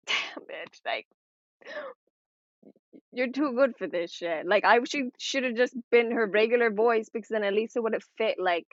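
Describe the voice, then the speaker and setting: A woman's voice: on the high side, measured pace, pauses often, no room sound. A woman co-hosting a podcast in casual chat, rambling and swearing, laughing often as she talks. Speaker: podcast co-host. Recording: dry, dull lo-fi sound.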